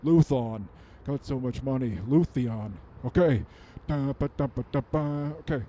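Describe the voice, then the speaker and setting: A man's voice: medium pitch, measured pace, warm tone, slight background noise, close to an everyday voice. A man playing a rambling, goofy superhero. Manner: rambling, muses aloud, makes sound effects. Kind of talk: improvised comedic monologue.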